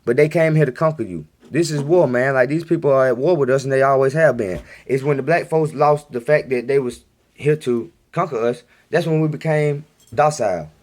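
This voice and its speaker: A man's voice: mid-range voice, fairly quick, a little mellow. A man giving a casual, rambling monologue to his viewers in a home recording, insistent and repeating himself. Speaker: video blogger.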